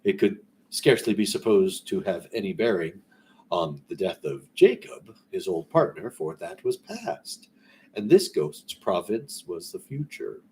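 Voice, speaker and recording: A man reading a classic story aloud in a relaxed way, breaking off now and then for rambling, conversational asides. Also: sits low, measured pace, slight background noise. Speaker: story reader.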